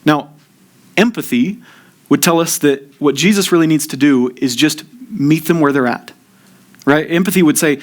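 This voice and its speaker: A man preaching a sermon as pastor, earnest and steady, often repeating the first word as he starts a sentence. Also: on the high side, moderate pace. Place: church.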